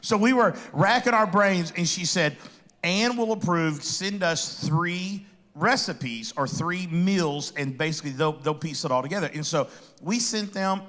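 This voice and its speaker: A middle-aged man chatting casually, telling a story and acting out what everyone said. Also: high voice. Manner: animated storyteller acting out quotes. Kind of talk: casual chat.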